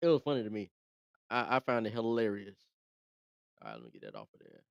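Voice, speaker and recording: A man's voice: lowish voice, huge pitch swings, fast talker, gravelly, clean tone, no echo, dull audio. A man hosting a live show, talking in a laid-back, chatty way and often repeating himself. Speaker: host. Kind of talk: casual live commentary.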